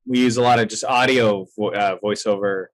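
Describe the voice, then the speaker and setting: A man's voice: on the low side, fairly even intonation, fairly quick. A man hosting a casual filmmaking podcast, talking in a loose, rambling way full of restarts. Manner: rambling, with many fillers and restarts. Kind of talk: casual chat.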